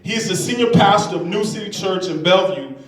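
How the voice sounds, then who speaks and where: A man's voice: high voice, animated, fast talker. A man hosting a comedy show who brings on the next act and hypes him up. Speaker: show host. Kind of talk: introducing acts on stage. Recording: roomy hall from a distance.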